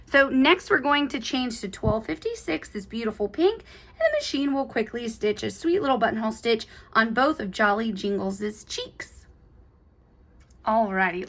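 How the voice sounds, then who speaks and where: A woman's voice: a little high, expressive, normal speed, fairly bright tone. A woman hosting an embroidery tutorial, walking viewers through each step in a bubbly, chatty, gushing way. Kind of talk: step-by-step craft demonstration.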